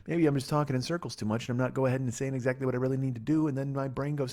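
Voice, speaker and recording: A middle-aged man from Chicago rattles through a solo podcast monologue at a fast clip, swearing freely and poking fun at himself. He talks into a laptop microphone in a living room, holding back yawns between runs of talk. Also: mid-range voice, steady tone, mellow. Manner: rambling, profane, self-mocking, rushes without pausing. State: stifling yawns. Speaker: podcast host.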